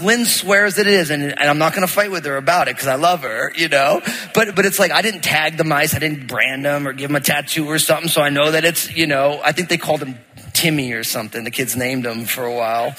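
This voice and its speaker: A middle-aged man preaching a sermon as pastor, telling a story in an animated way and acting out what people said. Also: a little high, brisk, big-room sound. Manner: storytelling, animated, acts out quotes.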